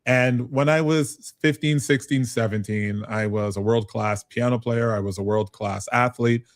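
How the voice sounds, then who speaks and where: Middle-aged man from Canada, business advisor guest, mid-pitched voice, animated and self-mocking, chatty interview delivery. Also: measured pace, no room sound, clean studio sound. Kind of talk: conversational interview.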